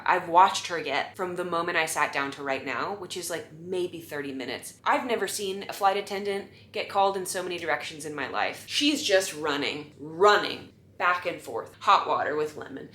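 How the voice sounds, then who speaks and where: Woman, thirties, storytime monologue, bright forceful voice, slightly low pitch, echoey room. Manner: animated and exasperated, shifting between hushed asides and loud bursts. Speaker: storyteller vlogger. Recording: roomy echo with faint rumble.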